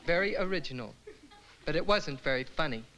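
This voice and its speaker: An actor playing a folk singer on stage who breaks off his song to scold a bandmate in a mock-stern, deadpan way. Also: fairly high pitch, brisk, slight background noise, rough recording. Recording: loud instrumental music behind.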